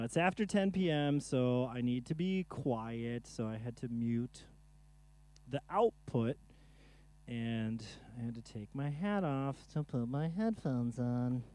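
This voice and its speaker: A man's voice: medium pitch, slow pace, long pauses, mellow. A man casually chatting to himself during a live music stream, rambling and joking while he troubleshoots his gear in a home studio.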